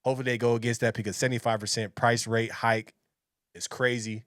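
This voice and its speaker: A man's voice: mid-range voice, level tone, quick pace, fairly bright tone, no echo, studio quality. A man hosting his own reaction channel, giving blunt, opinionated commentary and often repeating himself. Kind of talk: casual commentary.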